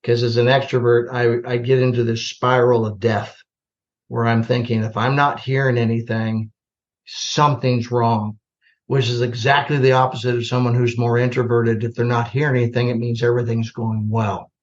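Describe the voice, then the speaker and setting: An older man, a retired army general, telling stories as a podcast guest, animated and self-deprecating, acting out the dialogue. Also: mid-range voice, normal speed. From United States. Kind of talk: storytelling in a podcast interview. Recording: slightly dull lo-fi podcast audio.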